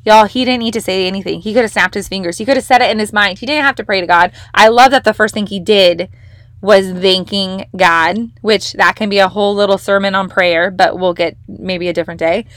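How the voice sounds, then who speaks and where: A woman's voice: mid-range voice, brisk, fairly bright tone, no room sound. A young woman hosting a devotional podcast, teaching from the Bible in a casual, enthusiastic, emphatic way. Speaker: podcast host leading a devotional.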